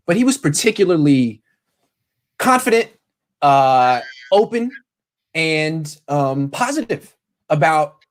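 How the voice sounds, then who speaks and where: A man hosting a casual sports talk show, animated, often quoting others in quick voices. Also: fairly high pitch. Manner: animated, quotes people in quick impressions. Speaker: podcast host.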